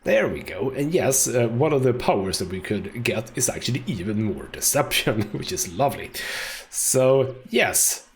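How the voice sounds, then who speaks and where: A man's voice: medium pitch, animated, normal speed. A man giving chatty, wry let's play commentary while playing a game. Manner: chatty, wry, laughs often. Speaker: gaming host.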